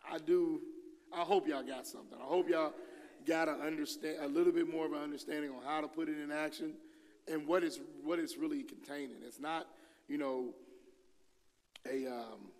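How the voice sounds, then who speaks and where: Male preacher, casual sermon, slightly high voice, long church-hall reverb. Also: darkish tone. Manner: conversational, acts out quoted voices with slang.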